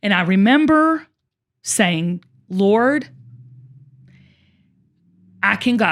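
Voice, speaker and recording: A woman hosting a show tells a personal story in casual conversation, emotional and expressive, and often addresses her listeners directly. Her voice is medium in pitch, and she speaks extremely slowly with long pauses.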